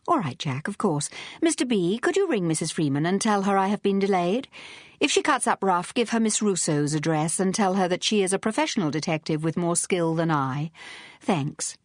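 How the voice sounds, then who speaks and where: A woman voicing a brisk, witty young society woman detective with a crisp, commanding manner in an audiobook. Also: on the low side, expressive, dry recording, studio quality, lightly acted.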